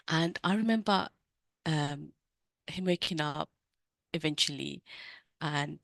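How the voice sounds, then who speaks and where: Low-voiced emotional woman coach. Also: a bit bright, no room sound. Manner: emotional, earnest, addresses listeners as sisters, halting restarts. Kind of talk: heartfelt personal talk to women.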